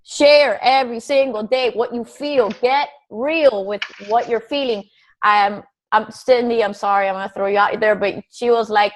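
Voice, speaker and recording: A woman coaches her team in a blunt, profane pep talk on a group call. Her voice sits a little high. She talks plainly and pushes her listeners hard. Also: fairly even intonation, normal speed, low-quality recording.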